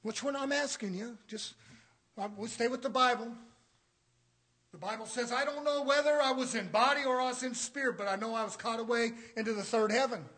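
A man preaching a sermon with fiery energy, swinging between shouted declarations and hushed, quiet asides, with folksy Southern phrasing. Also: extremely high pitch, brisk.

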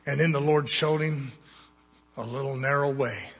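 A man's voice: medium pitch, fairly even intonation, moderate pace, slightly rough, long reverb tail. A man preaching a sermon, with blunt, conversational jabs at his congregation.

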